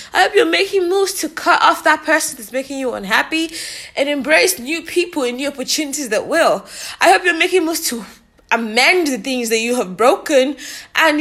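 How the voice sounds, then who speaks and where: A woman's voice: sits high, a bit bright. A young woman hosting a casual solo podcast, candid and profane, laughing often. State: a little out of breath. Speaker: podcast host.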